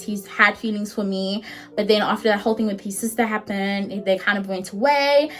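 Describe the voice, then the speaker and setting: Chatty young South African woman. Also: on the high side. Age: 20s. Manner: chatty, animated, swears freely. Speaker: vlogger. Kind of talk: casual storytime.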